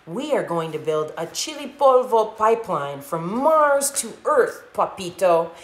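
A woman voicing Poquito Tito, a tiny male imaginary puppy who leads his gang, talking high and excited with Spanish words mixed in. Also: a little slow. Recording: echoey room, faint noise.

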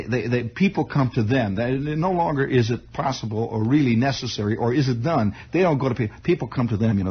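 On a 1960s radio broadcast, a man tells a long story as an improvised monologue, rambling, halting, and restarting often. His voice is lowish and husky, and the recording sounds muffled.

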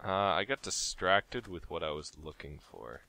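A man hosting a casual game let's-play who is excitable and yelps and swears when attacked. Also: deep voice, unhurried, creaky, slight background noise. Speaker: Minecraft let's-play host. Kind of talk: casual gaming chat.

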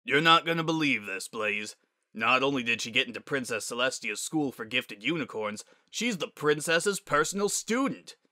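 A man's voice: mid-range voice, animated, normal speed, bright, forceful tone, no echo, studio quality. A man voicing a proud pony father who gushes eagerly about his daughter. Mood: gushing.

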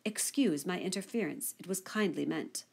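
A woman's voice: lowish voice, normal speed, creaky, darkish tone, breathy edge. A woman reading the lines of a haughty society woman, who speaks with civil, condescending disdain in an audiobook. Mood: disdainful.

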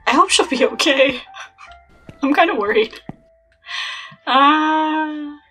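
Young woman gamer rambling while she plays, bright voice, slow-ish, faint music behind. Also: high-pitched. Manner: chatty, playful, exasperated asides. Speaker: gaming channel host. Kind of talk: let's play commentary.

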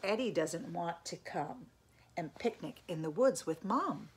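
A woman's voice: on the low side, unhurried, slight background noise. Older woman reading a bedtime story. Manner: expressive, gentle read-aloud. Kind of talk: reading a picture book aloud.

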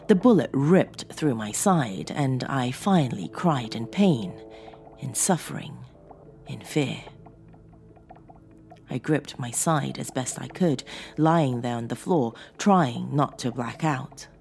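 A woman narrating a horror story in a slow, dramatic storytelling manner as host of her own show. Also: rumbling low, animated, creaky, darkish tone. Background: faint music.

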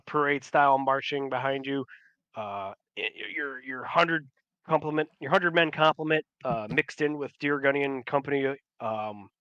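A man's voice: mid-range voice, fairly bright tone, dry recording, highs cut off. A man narrating a tabletop game as game master, rambling with many fillers and restarts.

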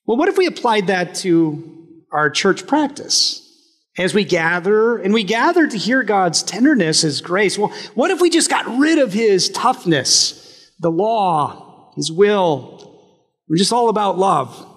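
A man's voice: sits high, big pitch swings, unhurried, a bit bright, big-room sound. A male pastor preaching a conversational, humorous sermon with frequent restarts. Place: church sanctuary.

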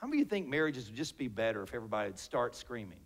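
A man's voice: mid-range voice, big pitch swings, rapid-fire. A man preaching a sermon to his congregation, joking and asking rhetorical questions. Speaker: pastor. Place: church sanctuary.

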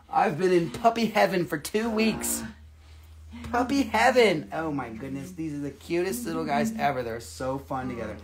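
Jokey guy selling rocks on a live stream, kinda high, gravelly, swears some. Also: expressive, a little slow. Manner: joking, chatty, swears casually. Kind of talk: casual live sales chat.

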